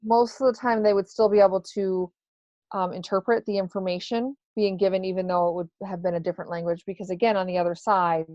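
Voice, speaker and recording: A woman who works as a psychic medium answers questions in a casual interview, hesitant and full of fillers and restarts. Her medium-pitched voice moves at a quick pace with fairly even intonation and a darkish tone, with no echo. The recording is dry, dull and lo-fi.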